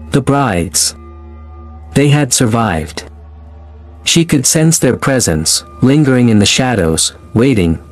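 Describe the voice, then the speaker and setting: Male horror narrator, mid-pitched, measured and dramatic, soft music underneath. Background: faint music.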